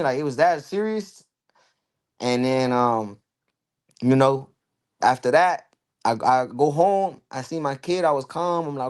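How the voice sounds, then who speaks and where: A man's voice: mid-range voice, normal speed. A young man, a podcast guest telling his own story in a loose, candid way, full of "you know" and "bro". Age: young adult. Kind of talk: casual storytelling in a podcast interview.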